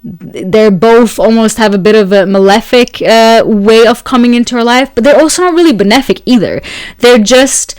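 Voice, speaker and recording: A woman's voice: fairly high pitch, moderate pace, darkish tone, no echo. A woman astrologer giving a weekly forecast in a casual, chatty monologue, often searching for words with fillers and light laughs. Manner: speaks several languages.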